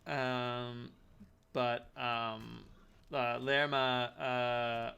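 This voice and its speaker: A man runs a tabletop game as its game master, slow and halting, with plenty of fillers and restarts. His voice is gravelly with a bright, tense edge. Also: mid-range voice, level tone.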